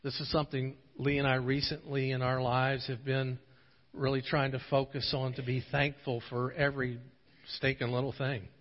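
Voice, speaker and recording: A man preaching a sermon, at times pleading with rising intensity, at times telling a relaxed story. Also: medium pitch, moderate pace. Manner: passionate, swelling to pleading intensity in prayer passages. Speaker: pastor. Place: church sanctuary. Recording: dull audio with long hall reverb.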